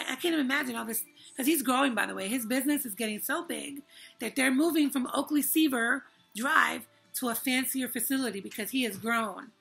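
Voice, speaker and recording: A woman's voice: on the high side, vocal fry, bright, forceful tone. A young woman vlogger giving an emphatic, frank and indignant personal testimony. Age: young adult.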